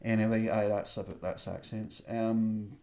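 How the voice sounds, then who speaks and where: A Glaswegian man, a singer-songwriter, talking casually between songs in a home studio. He rambles, restarts his sentences and pokes fun at himself. Loud acoustic guitar rings out behind him. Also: on the low side, flat delivery, measured pace, creaky. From Scotland. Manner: rambling, self-deprecating, lots of restarts.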